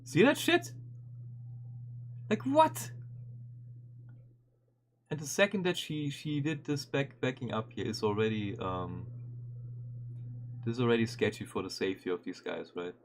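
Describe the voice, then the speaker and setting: A man streaming and commenting casually on a video, animated and swearing often, with frequent restarts. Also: fairly low pitch, moderate pace, a little hiss or hum.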